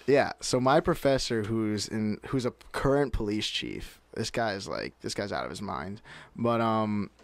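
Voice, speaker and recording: A young man from New Jersey, a podcast guest, telling a story in casual chat, rambling and animated with many fillers. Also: on the low side, measured pace, dry recording. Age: young adult.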